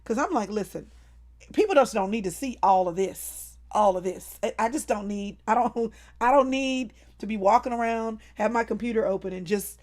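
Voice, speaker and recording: On a casual live stream from her home, a woman chats with viewers in an animated, over-the-top, playful manner, her voice on the high side at a moderate pace.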